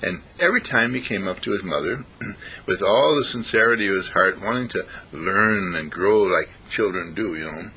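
A man telling rambling, playful stories in a casual talk, clearing his throat often. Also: low-pitched, moderate pace, bright, forceful tone. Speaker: speaker.

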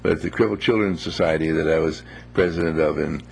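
A man telling a moral story in a gentle, unhurried, folksy way, with homely phrases. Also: extremely low pitch, vocal fry, slight background noise.

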